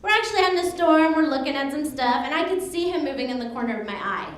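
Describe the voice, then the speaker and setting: A woman in her thirties performs stand-up on a club stage, her voice high and bubbly with big swings up and down. She laughs at her own punchlines and slips into little voices for the people in her stories. The room rings with echo around her mic. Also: expressive, fast talker. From United States. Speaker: stand-up comedian. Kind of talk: stand-up comedy set.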